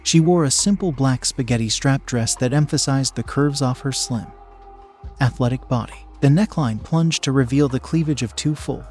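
Male storyteller, steady measured reading, mid-range voice, first-person narration. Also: medium pitch. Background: faint background music.

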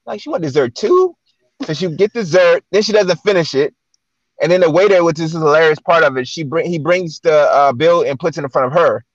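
A man's voice: fairly high pitch, a little fast, no room sound, highs cut off. A man guest-hosting a chat show, telling stories in a casual way and acting out the dialogue he quotes. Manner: animated, acts out quoted dialogue. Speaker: guest host. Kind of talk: casual storytelling.

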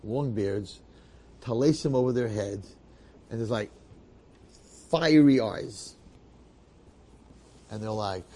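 A man telling a long story aloud in a lively, dramatic way, repeating phrases and adding asides. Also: on the low side, takes it slowly, pauses often. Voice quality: bearded, uses Yiddish and Hebrew terms. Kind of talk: animated oral storytelling.

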